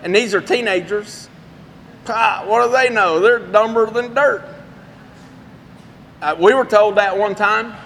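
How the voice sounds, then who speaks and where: A man's voice: high-pitched, fairly even intonation, a little slow, vocal fry, pauses often, a bit bright, slight background noise. A middle-aged man preaching a sermon in an earnest, conversational way with folksy asides. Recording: long hall reverb.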